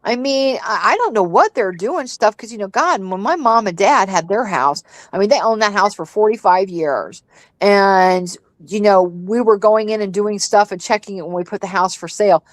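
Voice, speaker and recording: A blunt, middle-aged woman hosts a casual chat and rants freely, swearing as she goes. Her voice sits at an ordinary pitch, and the recording is dry and close with no room sound. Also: normal speed, no room sound, poor audio. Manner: blunt and profane, ranting. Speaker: host.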